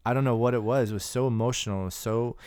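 A man co-hosting a podcast, chatting casually about movies in a relaxed, rambling way with some swearing. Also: mid-range voice, rapid-fire, clear, resonant tone, no room sound, studio quality. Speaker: podcast co-host. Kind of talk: casual movie-review chat.

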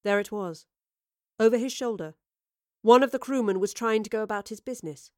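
Woman reading a story out loud, steady and expressive, no echo at all. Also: fairly high pitch, fast, clean studio sound. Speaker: audiobook narrator. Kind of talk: scripted narration.

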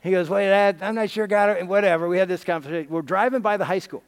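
A middle-aged man preaching a testimony sermon, telling his story and swinging from excited to hushed and emotional. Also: high-pitched, fast talker, smooth, big-room sound.

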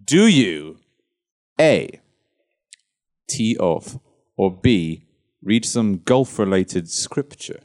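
A man narrating a comedy game as game master, in a mock-dramatic, deadpan way. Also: fairly low pitch, very slow, long pauses.

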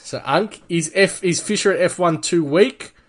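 A man's voice: sits high, normal speed. A man with an Australian accent co-hosting a podcast, swearing freely and laughing easily in casual banter. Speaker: podcast co-host.

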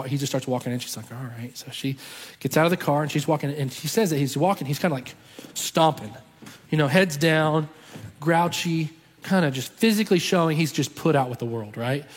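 A man's voice: on the high side, breathy edge. A man telling a story in a sermon, acting out the voices of the people in it. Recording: long reverb from a large hall.

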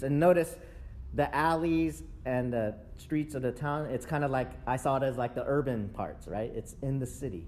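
A man delivers a conversational sermon at a middle pitch, speaking to his listeners like friends. He keeps checking in with a quick "right?" and briefly plays out the excuses he describes. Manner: lively, acts out excuses in quick asides. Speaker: preacher.

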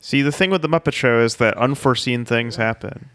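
Smooth-voiced man, wry co-host. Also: medium pitch, fairly quick, no room sound. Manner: wry, deadpan asides. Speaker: podcast co-host. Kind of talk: casual podcast chat.

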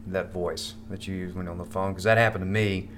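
A man who does stand-up comedy is a podcast guest in a comedy club, joking and rambling with plenty of profanity in casual chat. His voice is low-pitched and fairly bright, with fairly even intonation and a brisk pace, against slight background noise.

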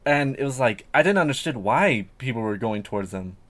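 A man's voice: mid-range voice, expressive, brisk, a bit bright. A man talking casually as a podcast guest, rambling and hesitant with many fillers and restarts. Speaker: guest artist.

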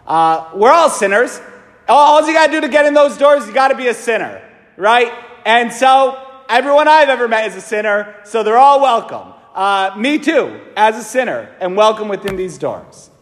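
A man, a priest, preaching a sermon in an animated, emphatic way, asking his listeners rhetorical questions. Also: extremely high pitch, normal speed. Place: large church. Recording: long church reverb.

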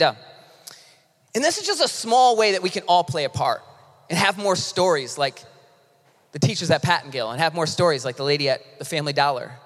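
A man preaching as pastor in a casual, impassioned sermon that swings between loud and hushed, with frequent restarts. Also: a little high. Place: church sanctuary. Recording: long reverb of a large hall.

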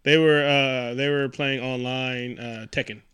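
A man recapping a movie in casual chat, animated and profane, acting out lines from the scenes. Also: medium pitch, measured pace, clear, resonant tone. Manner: animated, profane, acts out quotes in silly voices. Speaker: podcast co-host.

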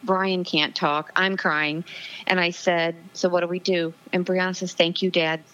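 A woman's voice: fairly low pitch, level tone, a little slow, a bit bright. Earnest woman telling her story by phone. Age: 40s. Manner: earnest, emotional storytelling with frequent ums. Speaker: guest. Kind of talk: personal testimony in interview. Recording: dull lo-fi phone audio.

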